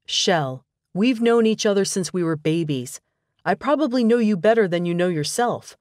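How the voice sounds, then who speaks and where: A woman's voice: mid-range voice, animated, moderate pace, darkish tone, no room sound, studio quality, pitched above the performer's own voice, close to an everyday voice. A female narrator voicing a young man who is a loyal lifelong best friend, speaking steadily and frankly. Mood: coaxing.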